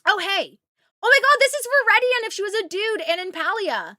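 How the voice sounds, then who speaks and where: A woman's voice: very high voice, lively intonation, a little fast, pushed and bright, dry recording, clean studio sound. A woman from Canada streaming a game, chatting with viewers in a rambling, storytelling way. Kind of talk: casual chat with viewers while gaming.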